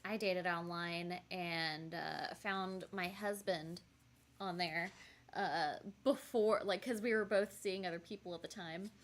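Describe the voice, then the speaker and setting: A woman's voice: lowish voice, steady tone, a little slow. A married woman guest on a livestream, chatting and telling stories in a playful, jokey way. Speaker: guest streamer. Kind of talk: casual chat on a livestream.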